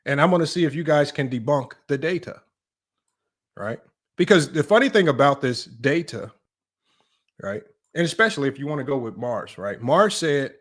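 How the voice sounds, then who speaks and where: A man hosting a live-stream basketball commentary, talking emphatically and repetitively, often tossing questions to his chat and arguing his point. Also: medium pitch. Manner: emphatic and repetitive, often asks "right?" and addresses "y'all"; argumentative, talks straight to his live chat. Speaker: sports analytics streamer.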